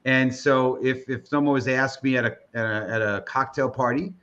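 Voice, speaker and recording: Rambling American host, slightly muffled audio. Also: male voice, mid-range voice, fairly even intonation, normal speed, a bit bright. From American Northeast. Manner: rambling, many restarts and fillers, hypes the audience. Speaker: host of a live interview broadcast. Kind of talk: casual live-stream chat.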